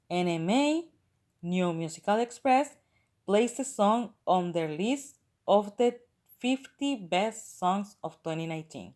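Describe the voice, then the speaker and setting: Woman doing scripted narration for a ranking vid, steady list-reading, mid pitch. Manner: steady read-out of chart facts and lists. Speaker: YouTube channel narrator.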